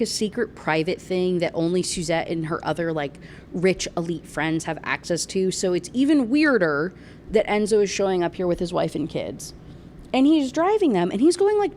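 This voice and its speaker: A woman ranting about a book in a casual, sarcastic, animated way, laughing often. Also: mid-range voice, slight background noise. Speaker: book reviewer.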